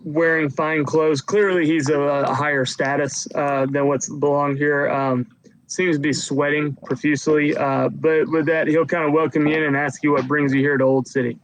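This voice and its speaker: A man's voice: fairly high pitch, level tone, normal speed, low-quality recording. A man narrating as game master of a tabletop game, hesitant with many ums and uhs.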